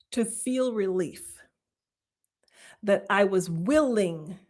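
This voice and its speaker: A middle-aged woman, telling a personal story to a live-stream audience in a casual way, often laughing, quoting herself and repeating phrases for emphasis. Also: medium pitch.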